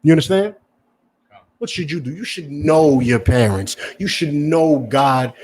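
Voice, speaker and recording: Husky, lecturing male preacher. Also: fairly high pitch, lively intonation, unhurried, darkish tone. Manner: lecturing, profane, asks "You understand?" constantly. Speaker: preacher and teacher. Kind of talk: confrontational street-style sermon.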